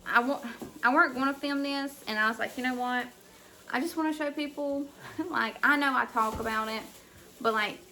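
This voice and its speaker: Overwhelmed mom vlogging at home, kinda high voice, lots of fry, lots of ums and restarts. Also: female voice, sharp tone, slight background noise. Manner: hesitant, many fillers and restarts. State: overwhelmed and emotional. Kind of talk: casual vlog chat. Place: at home indoors. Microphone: camera mic.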